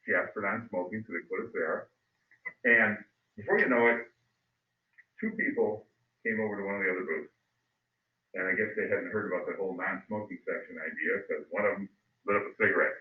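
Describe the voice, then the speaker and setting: A middle-aged male history teacher telling a story to his class, animated and acting out voices. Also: low voice, a little fast, pauses often. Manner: animated, acts out voices, loud bursts. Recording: phone-like, echoey, distant mic.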